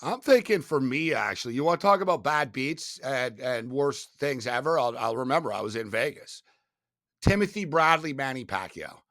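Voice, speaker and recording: A man guesting on an interview, telling stories in a casual, animated, profane way, swinging between loud and soft. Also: medium pitch, normal speed, no echo, clean studio sound. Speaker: guest, sports betting media host.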